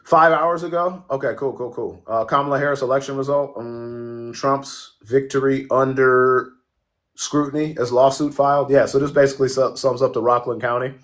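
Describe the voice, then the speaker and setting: A man's voice: medium pitch, fairly even intonation, normal speed. A man hosting a casual livestream, joking, swearing freely and answering viewers' comments as they come in. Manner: profane, joking, reacts to chat. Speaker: livestream host.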